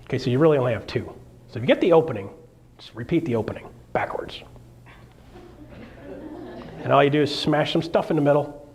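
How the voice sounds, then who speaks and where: A man coaching a live seminar audience in an animated, jokey way, acting out quotes in a raised voice. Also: on the high side, very fast. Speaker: real estate coach. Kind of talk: energetic seminar talk.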